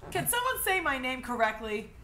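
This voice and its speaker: A woman's voice: sits high, sing-song, moderate pace, sharp tone, slight background noise. A woman co-hosting a podcast, chatting casually and sharing her own story. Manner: chatty, reflective, laughs easily. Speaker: podcast co-host. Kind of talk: casual chat.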